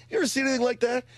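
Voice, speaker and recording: Animated American talk radio host. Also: male voice, medium pitch, slight background noise. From United States. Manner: animated storyteller, wry.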